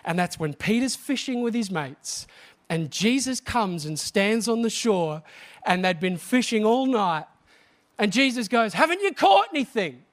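Guy with a really high voice preaching, keeps asking the crowd stuff. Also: unhurried. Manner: animated, asks the congregation questions. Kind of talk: sermon.

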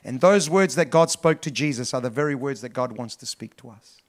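A middle-aged man preaching a sermon as pastor, emphatic and repetitive, swinging between loud stresses and soft asides. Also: medium pitch, fairly quick.

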